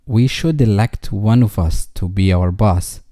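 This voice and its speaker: A man reading English vocabulary words twice each, followed by a slow example sentence. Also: lowish voice, warm tone, no echo, studio quality.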